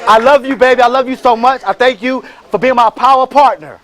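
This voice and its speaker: Speaking a little fast over a noisy background, a high-voiced man preaches business success. He's a motivational speaker and franchise entrepreneur whose speech works the crowd preacher-style, trading call-and-response and erupting into shouts.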